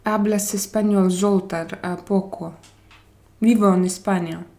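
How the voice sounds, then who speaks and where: A woman's voice: mid-range voice, fairly even intonation, mellow. A woman from Russia, hosting a casual live-stream chat and greeting viewers by name while switching between English, Spanish and French. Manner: unhurried, drawn-out phrasing.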